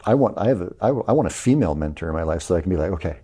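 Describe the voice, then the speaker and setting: A married man talking casually as a guest, telling stories in an animated way. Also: deep voice. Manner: gravelly, quick, animated storytelling. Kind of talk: casual conversation.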